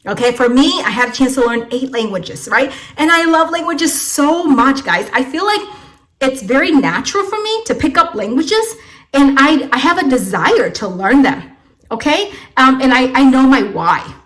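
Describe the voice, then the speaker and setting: A woman's voice: sits high, sing-song, normal speed, a bit bright. A young woman from Vietnam teaching an English lesson in a casual, encouraging way, checking in with "okay?" and "right?" after many phrases.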